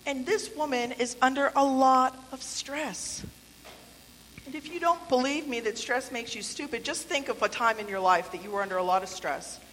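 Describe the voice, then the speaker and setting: A woman with a high, fairly bright voice preaches at a normal speed over slight background noise. Her sermon in the church sanctuary is playful and conversational, with asides and acted-out quotes, all carried on a long hall reverb.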